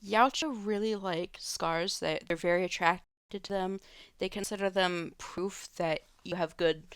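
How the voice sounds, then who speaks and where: A woman's voice: on the low side, clean tone, no room sound, studio quality. A woman streamer at home, answering viewer questions in a loose, rambling way with many fillers and restarts. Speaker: live streamer. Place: home room.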